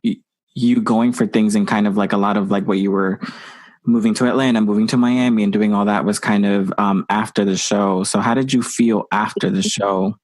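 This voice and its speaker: Low-voiced male podcast host. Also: fairly even intonation, normal speed, a little mellow, no echo. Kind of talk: casual interview chat.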